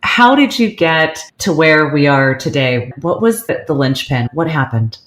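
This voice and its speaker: Woman host, deep voice, unhurried, probing questions, roomy echo. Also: sing-song, fairly bright tone. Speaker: podcast host. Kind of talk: interview questions.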